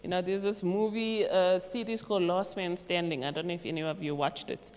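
A woman's voice: lowish voice, fairly quick. Chatty woman speaking in a reverberant hall. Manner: chatty, animated, acts out quotes and laughs. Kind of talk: casual youth talk on faith. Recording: long echo in a large hall.

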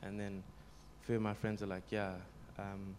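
A man's voice: fairly low pitch, level tone, moderate pace, noisy background. A young man telling his testimony to a youth group, plain, with frequent ums. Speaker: congregation member giving a testimony. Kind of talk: spoken testimony.

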